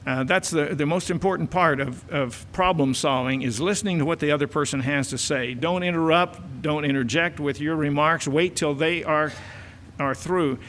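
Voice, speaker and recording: A man's voice: fairly high pitch, fairly bright tone, slight background noise. An older man, a church elder giving a folksy family-life talk full of filler words. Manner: folksy, many filler uhs and repeated words. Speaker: church elder and marriage counselor. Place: church auditorium. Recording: church hall reverb.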